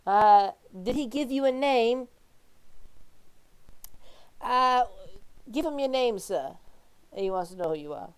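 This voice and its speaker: A woman plays a wary, guarded man from a tabletop game, raised above her usual pitch. He speaks hesitantly and carefully, in a smooth voice. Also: expressive, takes it slowly, pauses often. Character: wary man behind a door.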